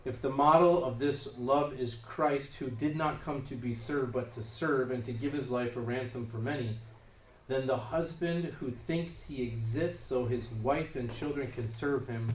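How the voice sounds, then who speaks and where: A male preacher delivering a sermon, pushing key phrases hard and then dropping back to a quieter, plainer tone. His voice carries a roomy echo, as if picked up from some distance away, with a faint room hum behind it. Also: medium pitch, unhurried. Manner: emphatic, rising in force on key phrases.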